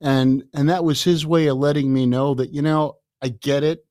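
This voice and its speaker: Older male guest, raised near Chicago, spins animated stories with frequent chuckles, slightly high voice, dry close mic. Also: normal speed, no room sound. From Chicago area, USA. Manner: lively, laughs often, repeats words. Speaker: guest, author. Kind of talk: anecdotal storytelling in a podcast interview.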